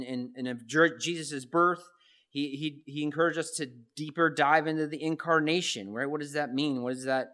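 A man's voice: mid-range voice, fairly bright tone. A man preaching a sermon in a conversational way, often restarting phrases and asking rhetorical questions. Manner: conversational, repeats words and asks rhetorical questions. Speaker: pastor.

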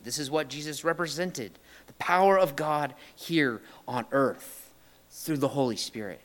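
A male pastor preaches in a relaxed, conversational way, retelling scripture in everyday language. His voice sits a little high for a man, and he keeps checking in with his listeners. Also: a little slow. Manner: conversational, often adding "right?"; retells scripture with lively paraphrase. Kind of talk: sermon.

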